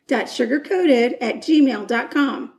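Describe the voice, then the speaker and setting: A woman co-hosting a podcast in casual chat, chatty with deadpan quips. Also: high-pitched, slow. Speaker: podcast co-host. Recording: echoey room.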